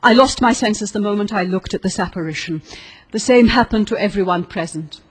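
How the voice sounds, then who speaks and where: A woman reads a dark period tale aloud with steady, expressive pacing. Her voice is husky and breathy, sitting at an ordinary middle pitch. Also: fairly quick. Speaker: narrator. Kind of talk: audiobook narration.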